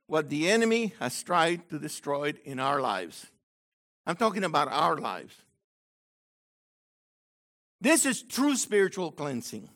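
A man with a high, animated voice preaches a sermon in a chatty, teacherly way. His tone is bright and forceful, rising for emphasis and dropping to a low aside for quotes. He keeps checking in with his listeners. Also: a little slow, long pauses. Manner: conversational preaching, asks the crowd "okay?". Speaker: messianic teacher.

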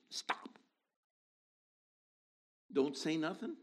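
A man in his sixties preaching a sermon, animated, dropping to low asides and rising to loud exhortation. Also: moderate pace, gravelly, pauses often, a little hiss or hum.

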